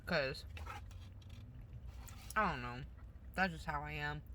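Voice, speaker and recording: Woman vlogger, very bright sharp tone, rambles with her mouth full in a car. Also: low-pitched, takes it slowly. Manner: talks with mouth full while eating; rambling, self-conscious, blunt. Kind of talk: casual rambling mukbang chat. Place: parked car.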